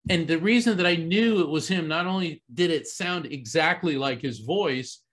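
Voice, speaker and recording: A middle-aged man from Central Florida tells a personal story to a live audience, his voice sitting a little high for a man. He speaks earnestly and conversationally, with frequent "um"s and restarts. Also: normal speed, fairly bright tone. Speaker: psychic medium giving a talk.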